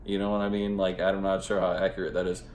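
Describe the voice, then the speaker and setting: Deep-voiced rambling, swearing male reviewer. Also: level tone, quick pace, darkish tone, echoey room, slight background noise. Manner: rambling and profane, heavy on fillers. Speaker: movie reviewer. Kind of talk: casual spoken movie review.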